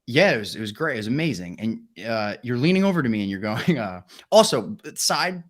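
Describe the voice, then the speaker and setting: Teasing man with a lively voice. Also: mid-range voice, brisk. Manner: teasing, recounts stories with mock quotes. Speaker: podcast co-host. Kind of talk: casual chat.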